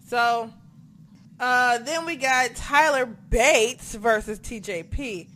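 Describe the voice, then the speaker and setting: A woman chatting casually about a wrestling show, excitable, swearing a lot and losing track of names as she talks. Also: a little high, a little slow, a little hiss or hum. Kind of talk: casual chat.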